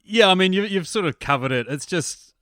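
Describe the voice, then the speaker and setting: A man from New Zealand with a New Zealand accent, a film reviewer chatting as a podcast guest in a relaxed, informative way. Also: high-pitched, brisk, no echo, clean studio sound. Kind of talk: casual podcast chat.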